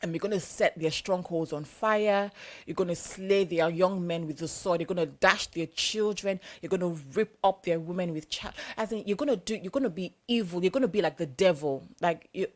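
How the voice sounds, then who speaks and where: A woman's voice: on the low side, normal speed, natural voice. A woman preacher voicing an old male prophet who weeps as he foretells evil, pleading and repeating himself. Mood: sorrowful.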